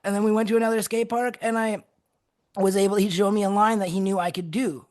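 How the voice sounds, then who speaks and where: A man guesting on a podcast, telling stories in an energetic, animated way and laughing often. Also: high-pitched, fast talker. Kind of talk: casual storytelling chat.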